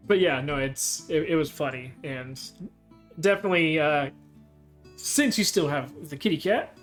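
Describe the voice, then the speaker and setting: Easygoing game master with a higher voice. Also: male voice, moderate pace, faint music behind. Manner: easygoing, methodically laying out plans. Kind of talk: casual chat.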